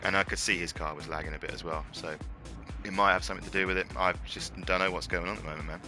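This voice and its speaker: A man with a fairly low voice calls a video game race for his stream. He keeps it chatty and upbeat, full of casual slang. Game music plays clearly underneath him. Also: fairly even intonation, fast. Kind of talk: live racing commentary and casual chat. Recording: game music playing behind the voice.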